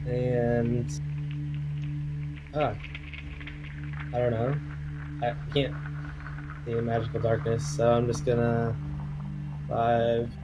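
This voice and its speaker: A man taking his turn in a tabletop game, thinking aloud and hesitant. He speaks very slowly, and music is clearly heard behind him. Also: medium pitch, poor audio. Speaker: player.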